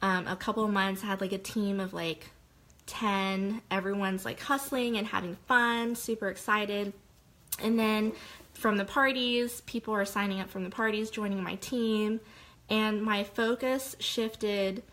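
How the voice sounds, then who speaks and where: A woman's voice: medium pitch, fairly even intonation, measured pace, a bit bright, low-quality recording. A young adult woman speaking candidly in a personal testimonial monologue about her sales work, heartfelt and rambling with many fillers. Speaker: direct-sales consultant.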